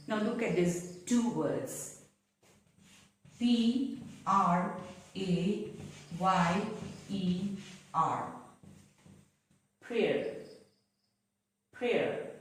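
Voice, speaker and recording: A woman giving an English pronunciation lesson, speaking slowly and repeating each example word. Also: mid-range voice. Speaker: English teacher. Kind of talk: slow spoken pronunciation lesson. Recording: echoey room, voice from a distance.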